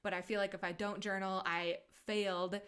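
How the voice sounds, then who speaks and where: A woman's voice: mid-range voice, level tone, normal speed, fairly bright tone, clean tone. A woman hosting a podcast interview, a wellness coach chatting casually and laughing along with her guest.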